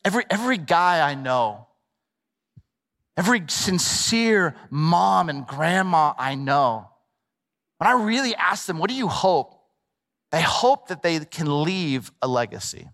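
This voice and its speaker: A middle-aged male pastor preaching a sermon in a lively, conversational way with playful asides. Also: fairly high pitch, a little slow. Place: large church hall. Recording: long reverb of a large hall.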